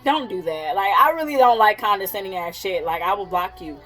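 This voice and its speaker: A woman's voice: medium pitch, fairly quick, fairly bright tone, faint music behind, poor audio. A woman in her thirties, a psychic coach, talking in a casual vlog, candid and blunt, swearing freely and often laughing. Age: 30s.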